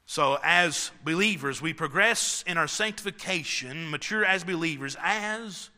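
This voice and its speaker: A man preaching a sermon as pastor, emphatic and full of rhetorical questions, swinging between loud declarations and quiet asides. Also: a little high, a little slow, in a large hall.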